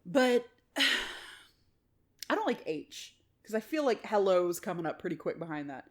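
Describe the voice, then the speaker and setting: A woman's voice: lowish voice, sing-song, moderate pace. A woman co-hosting a podcast, reading a listener's story aloud and chatting casually, swearing and laughing often. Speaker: podcast co-host.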